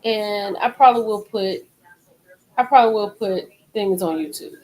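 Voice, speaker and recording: A woman's voice: medium pitch, moderate pace, darkish tone, rough recording. A middle-aged woman hosting a live stream, rambling in casual chat and repeating herself as she talks straight to her viewers.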